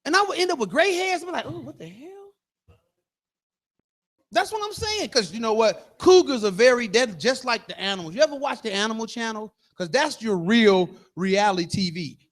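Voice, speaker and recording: A man in his fifties performing live stand-up comedy in a bar, loud and animated, acting out characters as he goes. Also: very high-pitched, fairly quick, hardly any pauses. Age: 50s. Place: bar stage.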